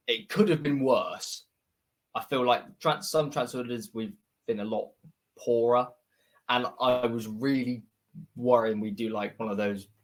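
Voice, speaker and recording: A man's voice: mid-range voice, a bit bright. A man in his twenties with a West Country accent, chatting casually as co-host of a football podcast with plenty of fillers. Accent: West Country English. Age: 20s.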